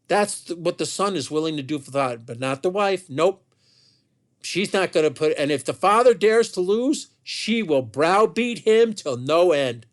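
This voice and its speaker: A man telling a family story in an unscripted monologue, heated and animated, with many restarts and asides. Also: on the high side, normal speed.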